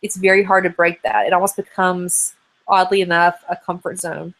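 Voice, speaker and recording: A woman in her thirties hosts a live video hangout, rambling chattily with many fillers as she answers viewer questions. Her voice is low-ish, level, and a bit bright, at a moderate pace.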